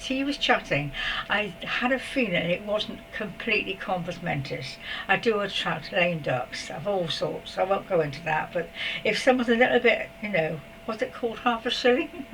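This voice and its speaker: A woman's voice: mid-range voice, distant mic, poor audio. An older woman tells a personal story, chatty and meandering and full of asides. Her voice sits a little away from the microphone, with faint noise behind it. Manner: chatty and rambling, with soft laughs and asides. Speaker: spiritual vlogger.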